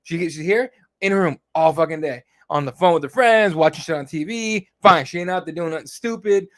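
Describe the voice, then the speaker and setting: A man's voice: on the high side, brisk, a bit bright. Profane, rambling man co-hosting a podcast. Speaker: podcast co-host. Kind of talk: casual chat.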